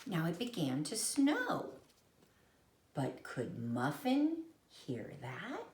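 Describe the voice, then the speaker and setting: Slow, sing-song woman reading a children's story. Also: low voice, huge pitch swings, darkish tone, a little hiss or hum. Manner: slow, playful, sing-song read-aloud with sound effects. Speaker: storybook reader and teacher. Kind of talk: storybook read-aloud for children. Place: at home. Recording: echoey room.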